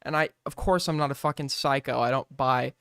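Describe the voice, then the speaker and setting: A man's voice: medium pitch, steady tone, brisk, fairly bright tone, clear, resonant tone, no echo, studio quality. A young man giving crude, sarcastic casual commentary as he reacts to clips, swearing freely. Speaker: streamer reacting to videos.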